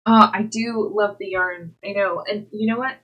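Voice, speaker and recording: A young woman livestreams, chatting loosely with her viewers as she knits. Her voice is soft and breathy, at a middle pitch, and she giggles often and talks to her cat as readily as to her chat. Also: fairly even intonation, moderate pace. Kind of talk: casual chat with live chat while knitting.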